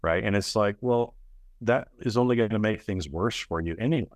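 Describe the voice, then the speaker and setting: On a clean studio recording with no room sound, a man with a slightly low voice talks a little fast as a podcast guest. He heads an audit training company and is blunt and emphatic, swearing casually, asking "right?" often, and acting out other people's lines in raised voices.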